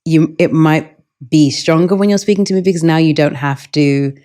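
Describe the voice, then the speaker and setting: A woman's voice: deep voice, normal speed. A woman with a London accent, a guest in an interview, speaking in a thoughtful and reflective way. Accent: London English. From England. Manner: thoughtful and reflective, gentle laughs. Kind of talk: relaxed interview conversation.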